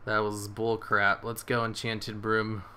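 A man giving excitable live commentary on his game, swearing and cheering his moves as he plays. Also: fairly low pitch, slow, clear, resonant tone. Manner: excitable, swears, laughs often. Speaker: gaming streamer.

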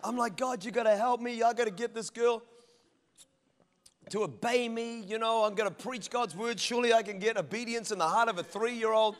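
A man's voice: very high-pitched, steady tone, normal speed. Male pastor, middle-aged, humorous sermon storyteller, echoing church auditorium. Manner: humorous storytelling, acts out dialogue. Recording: long church hall reverb.

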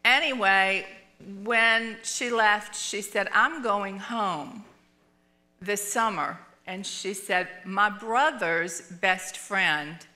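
Bright-voiced woman telling church stories. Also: mid-range voice, drawn-out words. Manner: animated, laughing storyteller acting out quotes. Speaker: church teacher. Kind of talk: storytelling sermon. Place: church sanctuary.

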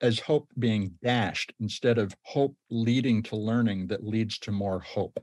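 A man's voice: fairly low pitch, unhurried, darkish tone, no echo, studio quality. A man hosting a podcast, asking earnest questions and murmuring agreement as his guest talks. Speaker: podcast host. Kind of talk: interview conversation.

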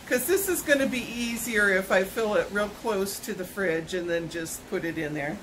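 A woman's voice: mid-range voice, moderate pace, hardly any pauses, fairly bright tone, a little hiss or hum, rough recording. A woman, vlogging a casual product unboxing at home, chatty and rambling with self-corrections. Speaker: YouTube vlogger.

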